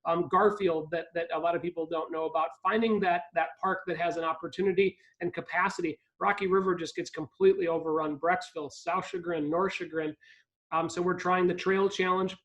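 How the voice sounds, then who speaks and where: High, flat-toned man on a video call. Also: fairly quick, rough recording. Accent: Ohio. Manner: hesitant, many ums and restarts. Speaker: park district CEO, guest speaker. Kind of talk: live video call talk.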